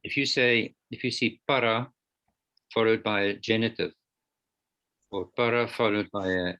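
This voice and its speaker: Low-voiced male lecturer, patient step-by-step explainer, dull lo-fi call audio. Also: unhurried, bright, forceful tone. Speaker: Greek lecturer. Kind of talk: online class teaching.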